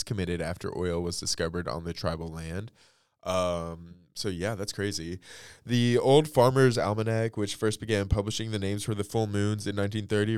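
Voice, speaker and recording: Stuffy-nosed guy hosting a pop podcast, low voice, smooth and dry, lots of likes and ums. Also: dry recording. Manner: chatty, many fillers like "like" and "um". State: congested from allergies. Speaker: podcast host. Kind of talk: casual pop culture chat.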